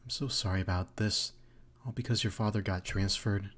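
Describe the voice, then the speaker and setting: A fussy, worried mother, as a man reads her in a low, breathy voice. She grumbles slowly and softly. It is game voice acting with little change from his own voice. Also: fairly even intonation. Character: worried middle-aged mother, nagging and fussy. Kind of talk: let's play voice acting.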